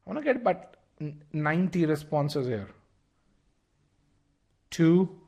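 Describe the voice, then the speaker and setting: A man's voice: fairly high pitch, sing-song, a little slow, creaky, a little mellow, dull audio. Man teaching a live webinar. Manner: asks the audience questions and repeats key points; restarts phrases often. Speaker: test-prep instructor.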